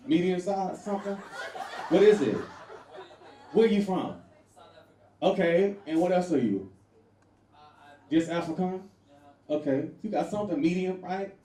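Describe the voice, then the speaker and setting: A man works a comedy room with a loud, animated stand-up delivery, laughing through his punchlines. His voice sits a little high and sounds warm and mellow. It is picked up from a distance in an echoey space with a faint hum behind. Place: comedy venue with a live audience.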